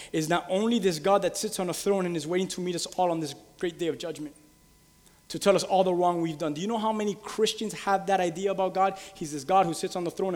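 Impassioned high-voiced male preacher. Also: in a large hall. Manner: impassioned, building to loud emphatic peaks; addresses the congregation with direct questions. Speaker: pastor. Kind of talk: sermon.

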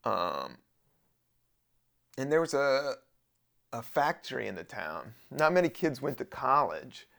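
A man's voice: mid-range voice, big pitch swings, slow pace, vocal fry, long pauses, a bit bright. A man from Southern Virginia hosting a podcast, rambling casually in a laid-back, profane monologue. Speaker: podcast host.

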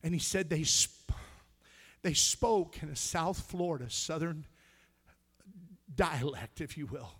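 A man preaching in a church, his voice high and bright. He tells stories, drops to a hush, then builds to shouting climaxes. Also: animated, slow, husky. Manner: storytelling preacher, swings from hushed to shouting. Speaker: pastor. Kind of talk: sermon. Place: church sanctuary.

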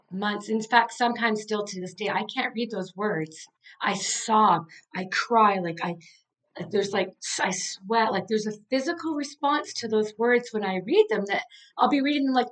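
A woman's voice: mid-range voice, low-quality recording. A middle-aged woman, an author and coach, talking as a podcast guest in an earnest, heartfelt way with many "like" fillers. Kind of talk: casual interview conversation.

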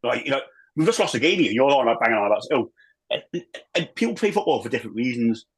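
A husky-voiced man talks football as a podcast guest. He is animated and rambling, doubles back on himself constantly, and drops the odd swear. His voice sits in an ordinary male middle register. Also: medium pitch, fast talker, rough recording. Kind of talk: casual chat.

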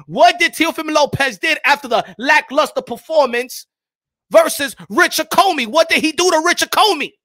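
A man hosting a boxing show, talking loud and profane, mocking critics and repeating himself. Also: very high voice, lively intonation, normal speed, no room sound, clean studio sound. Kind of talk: animated boxing commentary.

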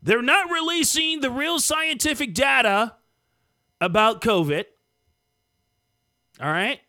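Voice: high voice, animated, takes it slowly, sharp tone, dry recording, studio quality. A host giving heated, emphatic political commentary, mocking opponents along the way. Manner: indignant, emphatic, mocks opponents in quoted voices.

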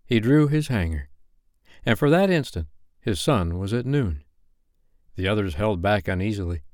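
A man reading a classic novel aloud as a bedtime story, narrating in an expressive, gently wry way. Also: fairly low pitch, moderate pace, no echo, clean studio sound.

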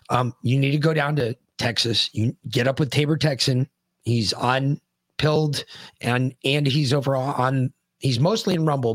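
A man co-hosting a podcast with a husky, grainy voice, close to the mic in a dead, dry room. He talks loosely and profanely and jumps into loud shouts when amused. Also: mid-range voice, dry recording. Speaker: podcast co-host. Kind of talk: casual chat.

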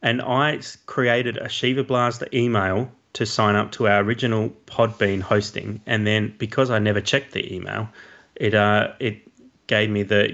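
A man's voice: on the low side, steady tone, moderate pace, creaky, a bit bright. A man co-hosting a podcast, talking hesitantly with frequent restarts. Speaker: podcast co-host. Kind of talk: casual chat. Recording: dull lo-fi sound.

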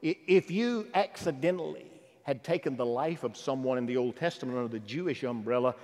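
A man preaching a sermon who swings from loud exhortation to hushed, intimate asides. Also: mid-range voice, animated, a little fast, big-room sound.

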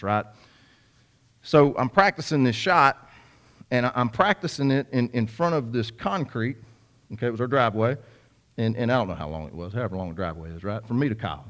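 A young man preaching a sermon, telling a folksy story with many repeats and asides to the congregation. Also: medium pitch. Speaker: pastor.

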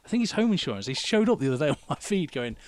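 A man in his thirties, co-hosting a podcast and reviewing a film in animated, sweary, laughing chat with lots of "mate". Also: fairly high pitch, very fast. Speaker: podcast co-host.

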